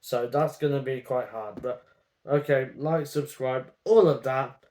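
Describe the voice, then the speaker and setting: A man's voice: mid-range voice, unhurried, darkish tone, slight background noise. A man, grading football merchandise in a chatty, opinionated vlog full of ums. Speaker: football vlogger. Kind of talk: casual grading commentary to camera.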